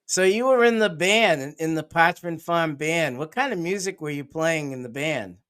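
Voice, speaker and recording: Man, radio host, short encouraging prompts, bright sound. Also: fairly high pitch, animated, normal speed, clean tone. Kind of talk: radio interview.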